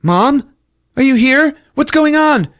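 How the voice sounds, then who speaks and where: A man's voice: on the low side, sing-song, measured pace, darkish tone, no room sound, studio quality. A man voicing a desperate, grieving mother who pleads and shrieks at her family. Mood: frantic.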